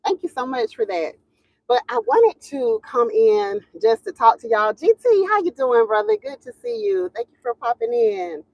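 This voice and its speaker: A woman's voice: high-pitched, sing-song, moderate pace, gravelly, no room sound. A woman hosting a casual livestream, chatty and laughing often as she greets viewers and tells a story. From Southern United States. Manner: chatty, laughs often, drawling Southern phrasing. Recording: dull lo-fi sound, dry room.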